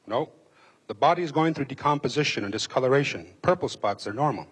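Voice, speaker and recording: A man's voice: mid-range voice, animated, fast talker, slightly rough, in a large hall. A man reading as a blunt forensic expert. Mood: matter-of-fact. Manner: matter-of-fact, authoritative. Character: self-assured senior male forensic doctor.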